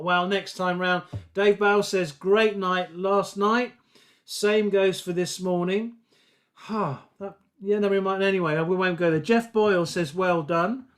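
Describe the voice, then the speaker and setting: A playful man presents a live stream, teasing his co-host and reading viewer messages. His voice sits high for a man.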